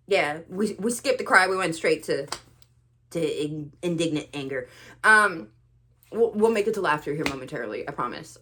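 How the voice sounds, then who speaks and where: Animated, ranting young woman vlogger. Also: medium pitch, a little hiss or hum. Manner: animated, sarcastic, swings between loud and quiet. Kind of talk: ranting to camera.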